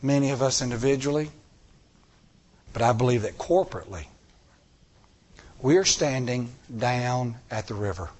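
A man's voice: mid-range voice, moderate pace, long pauses, a little mellow. A middle-aged man preaching a sermon, telling stories with acted-out dialogue and repeating phrases for emphasis. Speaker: church elder preaching.

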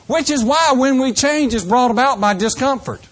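A man's voice: very high-pitched, moderate pace, hardly any pauses. Folksy older man preaching a sermon. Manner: folksy, acts out excuses in mock voices.

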